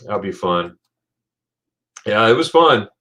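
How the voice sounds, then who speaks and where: A man's voice: fairly low pitch, sing-song, slow pace, fairly bright tone, slight background noise. A man hosting a casual livestream, chatting loosely, laughing often and reading viewer comments aloud. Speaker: livestream host.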